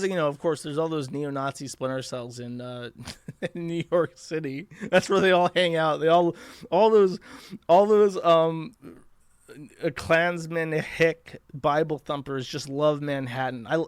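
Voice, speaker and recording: A man's voice: on the high side, smooth, dry recording. A man hosting a podcast, talking in a crude, sarcastic, rambling way as he comments on posts. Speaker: podcast host. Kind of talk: casual commentary.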